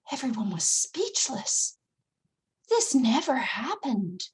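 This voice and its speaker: A woman from Newfoundland telling a fairy tale to children, expressive and dramatic, with gasps and hushed asides. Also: high-pitched. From Newfoundland, Canada. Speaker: storyteller. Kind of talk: oral storytelling for children.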